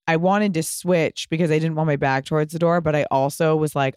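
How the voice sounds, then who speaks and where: A woman in her thirties hosting a podcast, telling stories in an animated way and swearing casually. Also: sits low, normal speed, clear, resonant tone, dry recording, studio quality. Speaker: podcast host. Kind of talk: casual chat.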